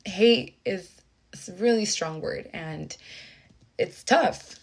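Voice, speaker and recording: A young adult woman, a teacher, earnestly telling a personal story with many restarts and reflective pauses. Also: fairly low pitch.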